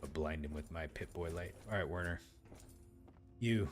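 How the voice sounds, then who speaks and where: A man's voice: low-pitched, normal speed. A man hosting a let's play, giving loose, rambling commentary full of fillers as he plays.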